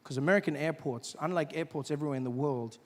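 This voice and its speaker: A man performing a stand-up comedy routine on stage before a live audience, animated and mocking as he acts out little scenes. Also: a little high, fast talker.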